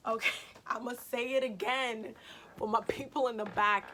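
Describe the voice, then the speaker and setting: Speaking at a moderate pace, this woman has a voice on the high side with a bright, forceful tone. She chats casually through a tarot reading for her viewers, stressing points, repeating herself, and filling gaps with filler words, over slight background noise.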